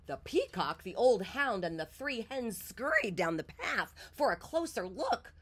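A woman reading a children's picture book aloud, with expressive storytelling. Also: medium pitch, a little slow, slightly rough.

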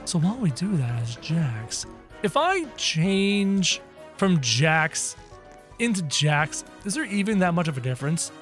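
Excitable high-voiced gaming host. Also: male voice, measured pace, faint music behind. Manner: excitable, yelping at the screen. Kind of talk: game commentary.

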